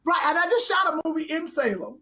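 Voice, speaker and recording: A woman with a high voice that leaps up and down as she talks. She co-hosts a comedy podcast and jumps in often with excited, loud reactions. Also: fairly quick. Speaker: podcast co-host. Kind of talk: casual comedic chat.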